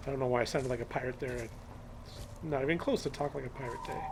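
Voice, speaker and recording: Chatty gravelly male game streamer. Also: medium pitch, big pitch swings, a little fast, a little hiss or hum. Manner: chatty, talks to in-game animals in a cooing voice. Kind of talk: live game stream commentary.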